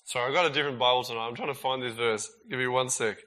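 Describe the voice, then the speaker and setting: A man preaching a sermon in a casual, emphatic way, swinging between loud bursts and quiet asides. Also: medium pitch, steady tone, rapid-fire.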